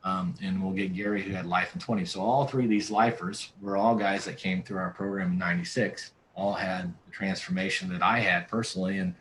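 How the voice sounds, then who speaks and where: Brief: male pastor as guest, very low voice, earnest storyteller, keeps restarting lines. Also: steady tone, a little fast, few pauses, fairly bright tone, a little hiss or hum, rough recording. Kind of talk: storytelling in a conversational interview.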